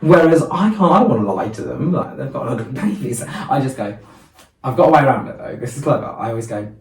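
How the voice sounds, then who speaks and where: A man's voice: medium pitch, animated, fast, darkish tone. A man co-hosting a podcast, chatting casually and telling jokey stories. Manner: chatty, joking storyteller. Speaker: podcast co-host and event host. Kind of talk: casual chat. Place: small podcast studio. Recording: roomy sound, mic at a distance.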